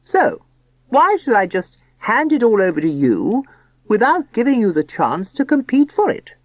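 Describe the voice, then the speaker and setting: A woman voicing a pompous, solemn rich businessman father in an audiobook, speaking slowly and weightily. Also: a little high, sing-song, a little mellow, no room sound, voice pushed up. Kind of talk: audiobook character voice.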